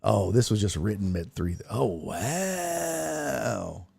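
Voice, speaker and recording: A man's voice: lowish voice, lively intonation, takes it slowly, creaky, darkish tone, husky. A man hosting a sports talk show, chatting casually and thinking aloud as he reacts to the news.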